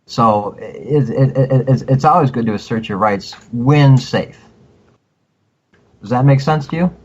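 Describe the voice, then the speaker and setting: A man giving advice as a podcast guest in casual talk, halting and repeating words as he restarts his sentences. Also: medium pitch. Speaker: podcast guest, cop watcher. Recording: dull lo-fi audio with faint noise.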